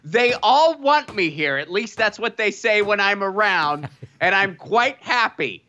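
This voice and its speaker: A man putting on a smug, defensive agency employee in a sarcastic deadpan parody, on a dull lo-fi recording. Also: sits high, measured pace, heavily acted. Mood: mock-cheerful. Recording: dull lo-fi sound.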